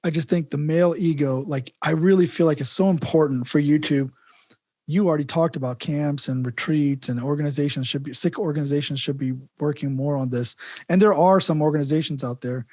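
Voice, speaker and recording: A man's voice: fairly high pitch, a little fast, darkish tone, no room sound, studio quality. A man hosting a podcast interview, talking casually in a rambling way with many restarts and chuckles. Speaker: podcast host.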